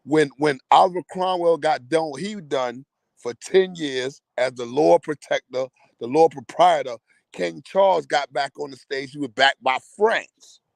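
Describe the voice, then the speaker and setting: Gravelly, higher-pitched male co-host, rambling and slangy, dry close mic. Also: unhurried, dry recording. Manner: rambling, repeats words, slangy. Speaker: podcast co-host. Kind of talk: casual group discussion.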